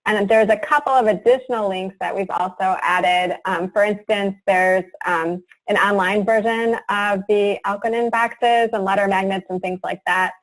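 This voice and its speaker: A woman's voice: medium pitch, steady tone, normal speed, hardly any pauses, rough recording. A woman hosting an online webinar, making announcements in a conversational way with frequent fillers. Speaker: webinar host.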